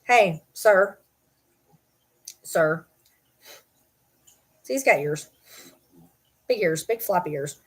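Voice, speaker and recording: A woman's voice: on the low side, animated, very slow, long pauses, slightly rough. This is a woman chatting to camera in a loose, cussing, rambling way. Her voice swoops up and down, and she keeps breaking off to talk to her dogs. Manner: profane, rambling, talks to her dogs mid-sentence. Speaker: vlogger. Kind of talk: casual chat to camera.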